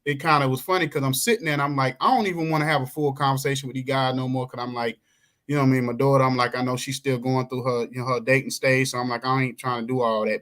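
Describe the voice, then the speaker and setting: A lively middle-aged man, talking in a bright, forceful voice that sits a little high for a man. He tells stories with big swings in pitch and acts out the people in them. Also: fairly quick. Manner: animated storyteller, acts out quoted voices, swings pitch widely. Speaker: coach and podcast guest. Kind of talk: casual chat.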